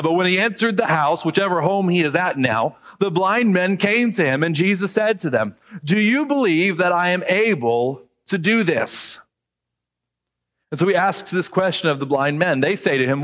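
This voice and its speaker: A man preaching a sermon as pastor, conversational, acting out quoted voices and slowing down to read scripture. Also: a little high, fairly bright tone, big-room sound.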